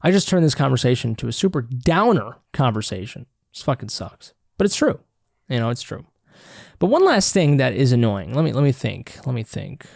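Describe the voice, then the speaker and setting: Gravelly-voiced man rambling on a podcast. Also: mid-range voice, very animated, normal speed, darkish tone, dry recording, clean studio sound. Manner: rambling, profane, self-correcting. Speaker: podcast host. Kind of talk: casual solo podcast monologue.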